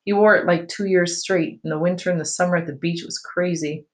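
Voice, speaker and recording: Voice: mid-range voice, steady tone, fairly quick, lightly acted. A reader voicing a friendly teenage girl. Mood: casual. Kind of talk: read-aloud dialogue.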